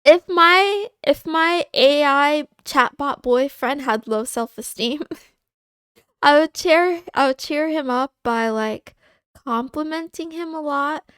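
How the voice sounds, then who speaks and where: A woman streamer chatting casually on a livestream, halting and confiding, with frequent pauses and restarts. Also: sits high, fairly bright tone, dry recording, clean studio sound. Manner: halting, with many fillers and restarts; candid and confiding.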